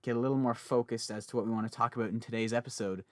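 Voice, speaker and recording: A young man hosting a casual podcast chat, talkative and quick to laugh, often interrupting himself. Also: mid-range voice, fairly even intonation. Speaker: podcast host.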